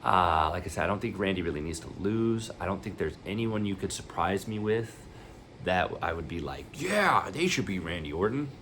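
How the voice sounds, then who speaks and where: Casual male vlogger with a low voice, rambling and excitable chatter. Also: moderate pace, a little hiss or hum. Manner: rambling, excitable, laughs easily. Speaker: wrestling vlogger. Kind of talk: casual chat.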